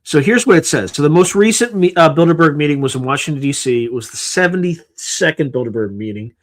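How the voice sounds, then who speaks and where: A man's voice: fairly high pitch, animated, fast. A man hosting a live stream, tired and yawning, reading through a list in a casual, offhand way with sarcastic asides. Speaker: livestream host.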